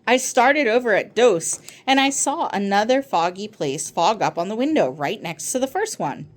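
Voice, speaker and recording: Reading aloud from a storybook, a woman gives voice to an eager schoolboy rambling excitedly through his story with lively rises and falls, in a mid-range voice at a moderate pace.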